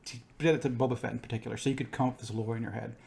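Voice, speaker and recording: Fast-talking man in animated chat. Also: medium pitch, gravelly. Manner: animated, acts out quotes. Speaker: podcast co-host. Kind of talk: casual chat.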